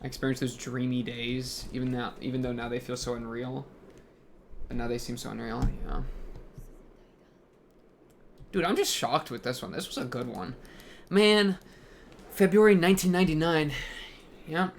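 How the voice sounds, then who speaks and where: A man's voice: mid-range voice, normal speed, vocal fry, a little hiss or hum. A young man hosting an anime reaction, talking casually and rambling, full of fillers as he thinks aloud.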